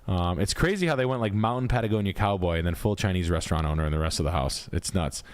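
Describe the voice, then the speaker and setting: A man's voice: sits low, quick pace. A man hosting a live stream, reviewing house listings with crude, profane jokes and loose, riffing commentary. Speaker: realtor reviewing house listings, show host.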